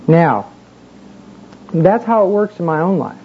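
A man's voice: fairly high pitch, big pitch swings, unhurried, long pauses. Folksy preacher man, muffled recording. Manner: folksy, conversational storytelling with many fillers. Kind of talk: casual sermon with personal story. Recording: muffled with faint background hiss.

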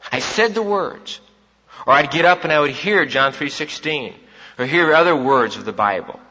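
A medium-pitched male voice, pushed and bright, carries an emphatic evening sermon in which the preacher keeps repeating his key points to the congregation. The recording sounds dull and reverberates as in a large hall.

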